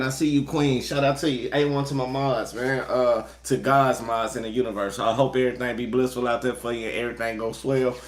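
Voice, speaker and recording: A man talks casually as a tarot reader, laid-back and chatty with a ready laugh. His voice sits in a middle pitch. The sound bounces around a roomy space. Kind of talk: casual livestream chat and tarot reading. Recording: roomy echo.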